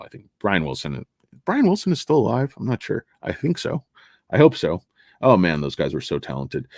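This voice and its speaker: A man's voice: fairly low pitch, dry recording, clean studio sound. A man hosting a casual livestream about stocks, rambling and sarcastic as he reads and answers chat. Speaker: livestream host discussing stocks.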